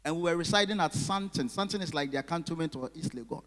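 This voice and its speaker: A man works a live crowd, his voice pitched high for a man. His talk carries a long hall reverb from the venue. He is animated and keeps turning to the audience with questions. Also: fast. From Ghana. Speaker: stand-up comedian. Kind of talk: stand-up comedy with crowd work.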